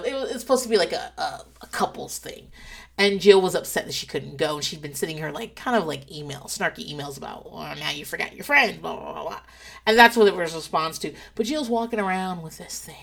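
A woman dishing reality-show gossip in a loose, chatty way. She swears freely, laughs at her own stories and slips into little acted-out quotes. Her voice sits at an ordinary middle pitch. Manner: animated, profane storytelling with laughs and acted-out quotes. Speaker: podcast host. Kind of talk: casual gossip commentary.

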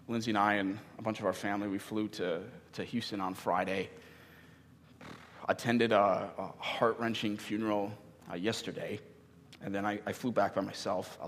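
A man in his thirties, a pastor giving a sermon in an earnest, halting way with many pauses. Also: fairly low pitch, fairly even intonation, in a large hall, a little hiss or hum.

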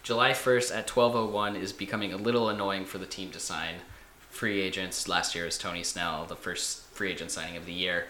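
A man's voice: low-pitched, steady tone, a little fast, sharp tone, roomy sound, a little hiss or hum. A young man hosting a casual podcast, chatty and rambling, joking with his guests. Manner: chatty, rambling, laughs at himself. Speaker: podcast host.

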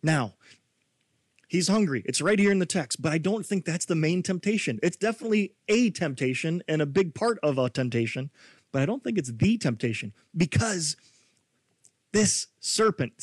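Conversational, high-voiced male preacher. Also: moderate pace, breathy edge, no echo. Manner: conversational, animated, rhetorical questions. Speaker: pastor. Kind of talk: sermon.

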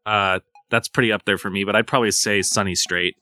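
A man with a lowish, bright voice co-hosts a gaming podcast. He teases the others in a dry, casual way. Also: steady tone, fairly quick, soft background music. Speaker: podcast co-host.

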